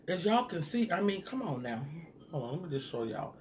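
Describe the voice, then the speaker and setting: A man's voice: medium pitch, lively intonation, fairly quick, fairly bright tone, slight background noise. A man in a casual food-review vlog who chats straight to his viewers and hums and murmurs while he eats. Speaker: mukbang vlogger reviewing a sauce.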